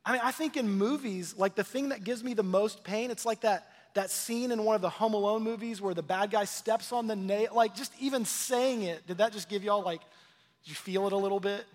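High-voiced pastor in a reverberant hall. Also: male voice, fairly quick. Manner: conversational, with personal stories and direct questions to listeners. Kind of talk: sermon.

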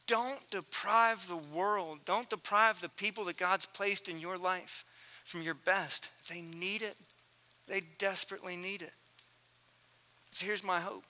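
Bright high-voiced man preaching. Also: steady tone, a little slow. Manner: earnest storytelling, swinging from loud to hushed. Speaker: pastor. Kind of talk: sermon.

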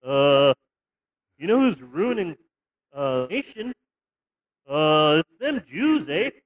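A man's voice: fairly high pitch, sing-song, slow pace, poor audio. A man voicing a chummy, polite male Canadian figure in a put-on Canadian accent. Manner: chummy, offhand, mock-polite. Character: friendly male Canadian neo-Nazi, polite and folksy.

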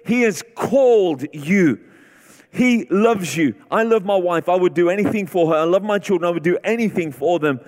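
A man's voice: a little high, a little mellow. A man preaching a sermon as guest preacher, repeating short declarations that build in intensity. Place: large church sanctuary. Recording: long reverb of a large hall.

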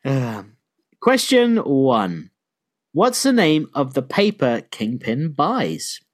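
A man's voice: mid-range voice, big pitch swings, takes it slowly. A man co-hosting a podcast, quizzing his co-host in casual chat and laughing often as he teases him. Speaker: podcast co-host running a quiz.

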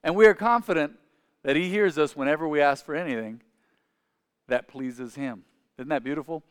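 A man preaches a sermon, his voice sitting a little higher than most men's. The tone is smooth and resonant. He drives his points home by repeating them with rising emphasis. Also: normal speed. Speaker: pastor.

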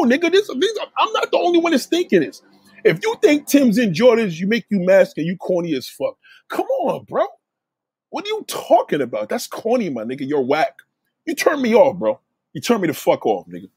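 Male channel host, heated live rant, swearing, mocking, husky voice with a lively swinging delivery, dry sound. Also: dry recording. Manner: profane, mocking ranting; animated, swinging pitch. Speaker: channel host reacting to viewers.

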